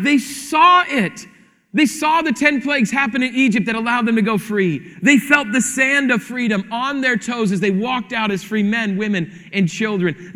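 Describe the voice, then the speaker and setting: Male pastor, high bright voice, lively storytelling sermon, reverb from a hall. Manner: animated storytelling, acting out dialogue.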